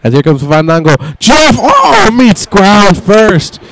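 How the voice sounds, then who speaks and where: A man's voice: high voice, sing-song, slow pace, heavy background noise. A young man giving casual, mock play-by-play commentary over a wrestling video game, swearing and voicing the wrestlers' thoughts in asides. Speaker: gameplay commentator.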